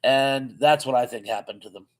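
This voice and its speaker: A man's voice: mid-range voice, moderate pace, poor audio. A man in his fifties hosts a casual live chat, reading out comments and musing on them. His mid-range voice rambles along, tripping over restarts and breaking into chuckles.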